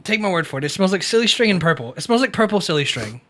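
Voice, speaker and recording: Casting: young man, fairly high and very animated, giggly playful podcast co-host. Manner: giggly, playful, quick to tease. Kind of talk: casual chat over beers.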